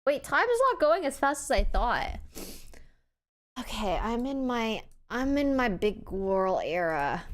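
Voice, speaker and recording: A woman's voice: a little high, very animated, slow pace, pauses often. A young adult woman streamer chatting casually with her live chat, crying and laughing as she thanks viewers. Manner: tearful, laughing between thank-yous to chat.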